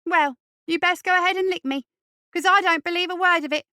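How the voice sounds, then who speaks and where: A woman voicing a scrawny little street urchin boy who mocks and scorns in rough slang. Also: very high voice, fairly even intonation, fairly quick, sharp tone, no echo, clean studio sound, pitched above the performer's own voice. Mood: contemptuous. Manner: mocking, contemptuous, drawling slang.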